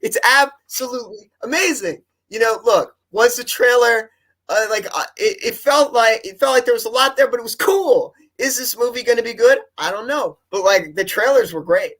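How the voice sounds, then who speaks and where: A man's voice: very high-pitched, normal speed, a bit bright. A young man co-hosting a casual movie chat, rambling with breathless enthusiasm and frequent restarts. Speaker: co-host.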